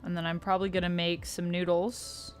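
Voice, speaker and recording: A woman with a lowish voice chats on a relaxed livestream as she colors. She talks easily and reads out and thanks her viewers one after another. Soft music plays quietly under her voice. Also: fairly quick. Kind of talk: casual livestream chat while coloring. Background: faint background music.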